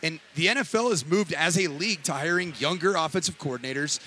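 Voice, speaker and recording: A male former coach turned analyst with a bright, forceful voice. He talks quickly and lays out his reasoning step by step. Faint room ambience is behind him. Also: fairly high pitch, slight background noise. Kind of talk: sports talk analysis.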